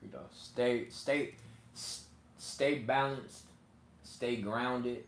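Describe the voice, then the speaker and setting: A man with talks loosely to his viewers, rambling and laughing as he goes. His voice sits mid-range for a man, and it carries in an echoey room with a faint hiss behind it. He sounds unscripted and relaxed. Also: mid-range voice, drawn-out words. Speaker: channel host. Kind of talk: casual commentary to viewers.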